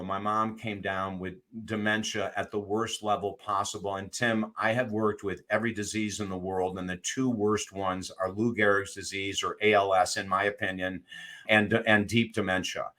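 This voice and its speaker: A middle-aged recovery coach appears as an interview guest, telling stories in a conversational way. He's animated and emphatic, laughs often, and speaks with a lowish voice.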